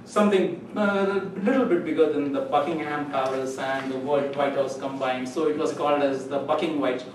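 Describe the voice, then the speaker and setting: A man telling a humorous story in a club speech, acting out other people's voices with sudden high, loud lines. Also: fairly even intonation, moderate pace. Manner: storytelling, acts out voices with rising pitch. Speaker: club speaker. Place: meeting room. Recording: echoey room from far off, faint noise.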